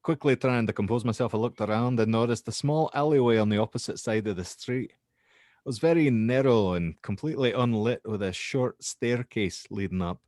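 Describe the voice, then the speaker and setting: A man voicing a young Scottish male university student in a put-on Scottish accent, reading a horror statement with halting restarts. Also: medium pitch, a little mellow, dry recording, studio quality, pitched above the performer's own voice, lightly acted. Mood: uneasy recounting.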